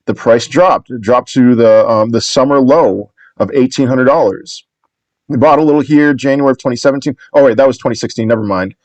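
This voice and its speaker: A man's voice: mid-range voice, brisk, no room sound. A man giving casual video commentary on markets, rambling and upbeat, often restarting and correcting himself. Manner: upbeat and reassuring.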